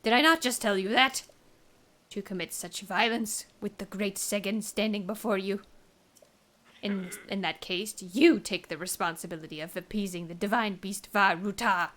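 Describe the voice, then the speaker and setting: A woman doing a fervent young male soldier of a fish-like folk, all bluster and pride. The voice is bright and ringing, and he declares his own name with grand ceremony, as game dialogue read aloud. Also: medium pitch, steady tone, moderate pace, lightly acted. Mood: solemn.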